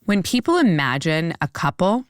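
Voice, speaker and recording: A woman hosting a casual interview, chatting with quick, animated asides and many "like"s. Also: on the low side, no echo, clean studio sound. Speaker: podcast host.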